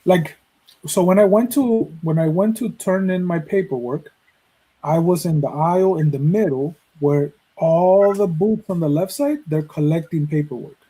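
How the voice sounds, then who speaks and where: A man in his thirties, originally from Mexico, hosting a podcast and telling a personal story in a casual, profane, animated way. He acts out the dialogue he quotes. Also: fairly high pitch, moderate pace, slightly rough, low-quality recording. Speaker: podcast host.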